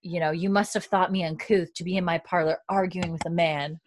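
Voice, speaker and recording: A woman's voice: fairly low pitch, fairly even intonation, fairly quick, slight background noise, natural voice. A woman loosely voicing a proud, hard-up Scottish woman from a period drama while recapping an episode, keeping close to her own voice. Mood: proud, complaining. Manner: offhand retelling of lines, not a full performance.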